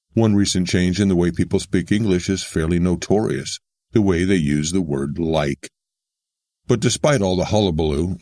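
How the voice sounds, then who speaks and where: A man narrating a scripted book summary in a steady, explanatory way, slowing down to stress example words. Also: low voice, no room sound, clean studio sound.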